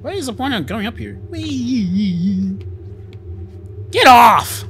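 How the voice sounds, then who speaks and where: A man giving loud, excitable let's play commentary, swearing often and making mock-dramatic pleas. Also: very high voice, slow, slight background noise. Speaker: gaming channel host.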